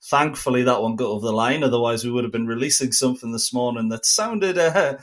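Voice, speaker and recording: A man hosts a relaxed football podcast in an easy, upbeat way. His voice sits at an ordinary middle pitch, and he laughs readily between points. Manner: chatty and upbeat, quick to laugh. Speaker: podcast host. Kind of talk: casual football podcast chat.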